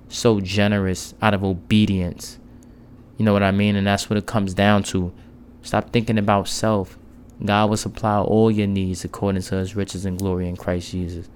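A man gives a relaxed devotional talk in a smooth, resonant voice at an ordinary pitch. He talks to listeners like friends, repeating his points and tossing in casual asides. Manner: conversational, repeats key words, casual asides. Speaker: podcast preacher.

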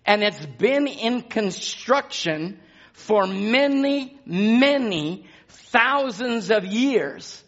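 A man preaches a sermon in a high voice, taking his time with each phrase. His delivery swells with passion and then drops back down. The recording sounds dull and lo-fi. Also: big pitch swings, drawn-out words, a bit bright. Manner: impassioned preaching, rising and falling in intensity.

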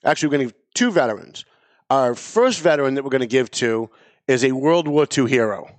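A man's voice: mid-range voice, a little fast, no echo. Emphatic man hosting talk radio. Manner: animated, emphatic, repeats phrases.

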